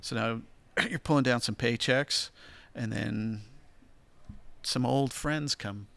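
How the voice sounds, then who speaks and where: A man's voice: mid-range voice, takes it slowly, gravelly, fairly bright tone, no room sound. A man hosting a casual podcast interview, asking questions with short upbeat interjections. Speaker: podcast host.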